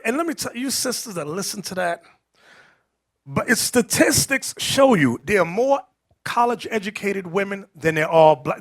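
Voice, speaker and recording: A man teaching a Bible class, preaching emphatically, calling out to the room and rising to shouts, with casual street-style asides. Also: high-pitched, moderate pace. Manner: animated and emphatic, calls out to the room, rises to shouting.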